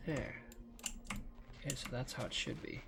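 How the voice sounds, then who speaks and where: A man giving slow, rambling commentary over his gameplay, with lots of fillers. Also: mid-range voice, gravelly, over loud music. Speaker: let's play gamer. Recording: loud keyboard clicking throughout. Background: keyboard typing and clicks.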